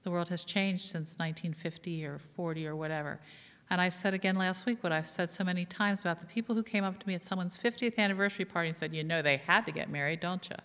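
A woman pastor preaches a conversational sermon in a slightly low voice. She keeps asking the congregation questions and jokes at her own expense. Her voice rings with the long reverb of a church sanctuary. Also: steady tone, fast, a bit bright. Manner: conversational, asks the congregation questions, self-deprecating humor.

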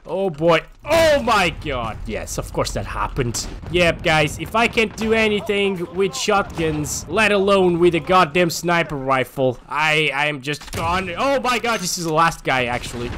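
A man giving live gameplay commentary as host of a gaming channel, excitable and swinging between muttering and frustrated shouts. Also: on the high side, unhurried, few pauses, slight background noise.

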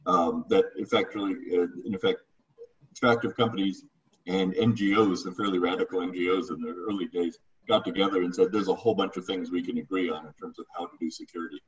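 A man's voice: low voice, fairly even intonation. A man speaking as a guest expert on a webinar panel over a video call, full of fillers and restarts, on distant, dull audio. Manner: rapid, filler-heavy.

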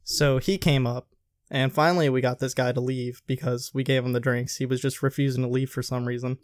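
A man's voice: mid-range voice, brisk, no room sound, clean studio sound. Casual young man telling work stories. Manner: animated retelling, acts out quoted lines. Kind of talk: casual storytelling chat.

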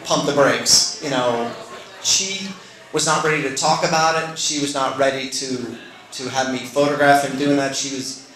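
A man's voice: mid-range voice, fairly even intonation, moderate pace, a bit bright, echoey room, low-quality recording. A middle-aged man telling a personal story on stage at a story slam, earnest and conversational with self-deprecating asides. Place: stage in a live venue.

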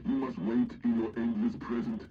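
An actor playing a solemn man preparing for his own rebirth, speaking in a grave, measured way in a video game cutscene. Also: mid-range voice, level tone, close to an everyday voice. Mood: tender. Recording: muffled game audio with noise.

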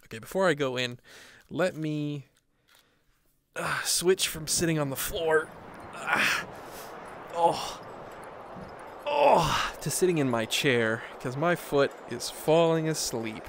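A man giving casual, excitable commentary while playing a VR game at home, swearing casually and laughing often. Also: a little high, takes it slowly, vocal fry, pauses often, a little hiss or hum. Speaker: gaming streamer. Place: home room, seated on the floor.

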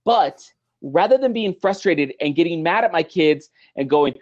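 A middle-aged man, a guest on an interview show, talking in an animated, motivational way and acting out little everyday scenes. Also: fairly high pitch, moderate pace, lo-fi sound.

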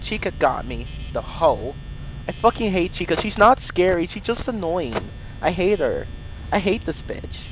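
Hoarse, jumpy gamer man, slow-talking. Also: high voice, very animated, a little hiss or hum, rough recording. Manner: jumpy, shrieks and swears when startled. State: hoarse from laryngitis. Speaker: gamer streaming a horror game. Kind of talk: let's play commentary.

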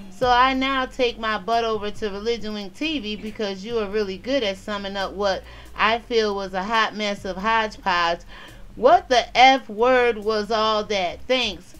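A woman vlogger talking casually and profanely while responding to viewer comments, loud and animated, laughing at her own jokes. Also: medium pitch, a little slow, low-quality recording.

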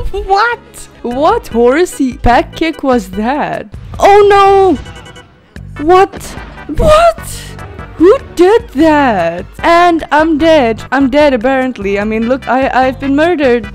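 A woman's voice: high voice, slow pace, few pauses. A woman commentating on a chaotic life-sim game, gasping, laughing and exclaiming as she reacts. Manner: excitable, gasping and exclaiming at the chaos. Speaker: gaming video creator. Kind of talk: let's play commentary. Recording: faint game music behind.

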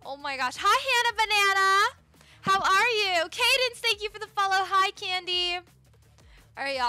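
A young woman with a very high, bright voice chats bubbly and fast-reacting through a live gaming stream, calling out viewers by name. Game music plays faintly behind her. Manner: bubbly, greets chat by name, gasps often.

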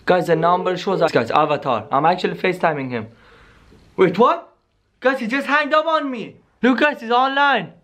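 At a moderate pace, a male YouTuber with a very high-pitched voice narrates a scripted spooky skit. He rushes excitably toward his viewers, saying "yo" and "guys" constantly, and holds the camera audience close all the way through.

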